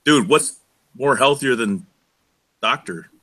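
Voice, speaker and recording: A man's voice: mid-range voice, lively intonation, slow pace, sharp tone. A young man co-hosting a casual live show, joking and rambling through a work story. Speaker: co-host. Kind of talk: casual podcast chat.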